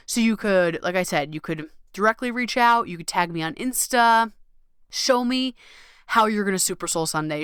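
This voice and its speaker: A woman hosting her own podcast in a casual solo talk, gushing and animated, acting out little inner voices and swearing casually. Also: medium pitch, clear, resonant tone, no echo, studio quality. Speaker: podcast host.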